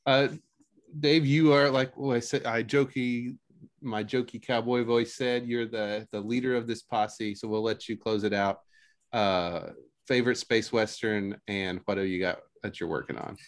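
A man hosting a podcast, friendly, laughing often and quick to agree with guests. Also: medium pitch, fairly even intonation. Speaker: podcast host. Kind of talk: casual podcast chat.

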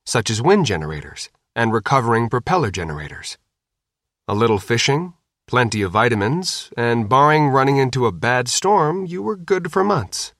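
A male audiobook narrator reads scripted narration from a novel in a wry, steady storytelling manner. His voice is mid-range, and the studio-quality recording has no room sound.

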